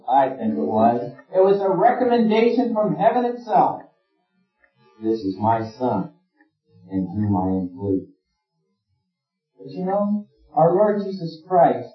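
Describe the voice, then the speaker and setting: A man delivers an earnest sermon, pushing his emphasis up and down as he preaches. He sits far from the microphone in a roomy, echoing space. The recording is dull and lo-fi, with faint music underneath. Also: a little high. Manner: earnest, rising and falling emphasis.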